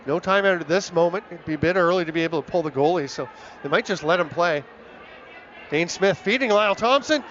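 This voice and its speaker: A high-voiced man calls lacrosse play-by-play, quick and excitable as the action builds. The broadcast sound is a little muffled, with a faint hiss underneath. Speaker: play-by-play commentator.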